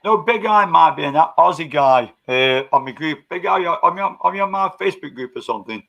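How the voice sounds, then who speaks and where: A man's voice: on the high side, expressive, fairly quick, vocal fry, fairly bright tone, muffled recording. A man hosting a casual live-stream chat, bantering with coarse slang and laughing often.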